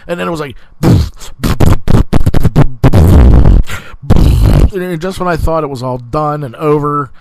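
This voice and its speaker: A man's voice: on the high side, quick pace, hardly any pauses, very noisy. A man hosting a podcast, telling a crude story in casual, profane chat, rambling with many fillers and restarts. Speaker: podcast host.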